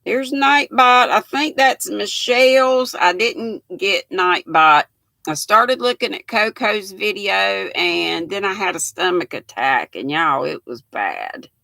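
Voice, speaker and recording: A woman's voice: medium pitch, lively intonation, slow, vocal fry, sharp tone, no echo. A woman, hosting a casual live stream and chatting affectionately with viewers, calling them pet names like sweet pea and honey. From Southern United States.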